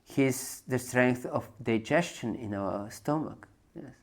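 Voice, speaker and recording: A male spiritual teacher tells a scripture story at a very slow, unhurried pace. He pauses often with fillers and chuckles now and then, at a mid-range pitch. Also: gravelly.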